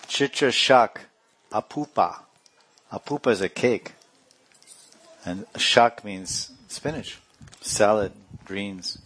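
A man's voice: on the low side, slow, pauses often, a bit bright, breathy edge. A man giving a playful storytelling religious talk, laughing often and acting out characters. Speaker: religious teacher.

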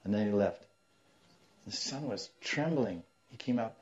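Brief: male spiritual teacher, animated storyteller, lowish voice, muffled lo-fi tape. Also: unhurried. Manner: animated, acts out quoted voices, laughs now and then. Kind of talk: storytelling sermon.

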